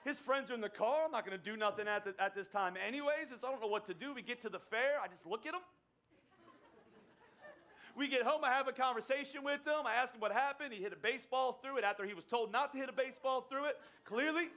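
A middle-aged man preaches in a high, bright voice. He tells his story conversationally from the pulpit and slips into the voices of the people he quotes. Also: fast talker. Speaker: pastor. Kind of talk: sermon with personal story.

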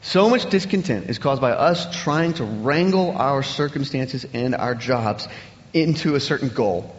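A man preaching a sermon in an animated way, often repeating words as he builds up. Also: mid-range voice, a little slow, in a large hall, highs cut off. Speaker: pastor.

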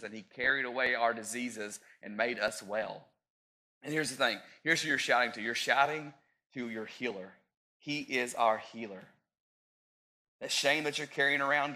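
A man in his thirties preaching a sermon as pastor, rising to loud peaks and dropping into joking asides. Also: medium pitch.

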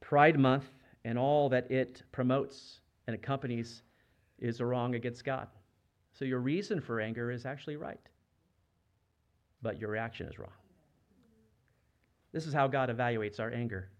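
Man, pastor, sermon, medium pitch, conversational, rhetorical questions. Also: normal speed, pauses often. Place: church.

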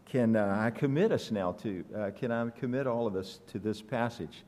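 A man's voice: medium pitch, normal speed. Emphatic male preacher in a reverberant church. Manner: animated, emphatic, asks the congregation questions. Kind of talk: sermon. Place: church sanctuary. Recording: long hall reverb.

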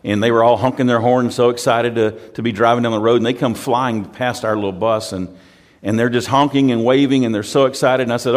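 A man's voice: medium pitch, fairly even intonation, a little fast. Man preaching in an echoing hall. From United States. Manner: conversational storytelling, repeats words when restarting. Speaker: pastor. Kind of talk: sermon.

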